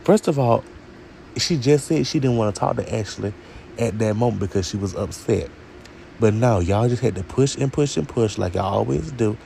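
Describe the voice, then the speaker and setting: A man's voice: fairly low pitch, lively intonation, moderate pace, creaky, mellow, slight background noise. A man reviewing a TV show in a sassy, opinionated rant, talking straight to his viewers.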